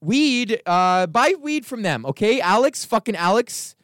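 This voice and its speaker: A comedian rants his way through a story about his week, swearing freely and doubling back as he goes. His voice sits a little high and sounds smooth and resonant. The close mic gives a dry, dead sound. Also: a little slow, dry recording. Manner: profane, rambling, animated storytelling. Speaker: comedian podcast host. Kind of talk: casual ranting monologue.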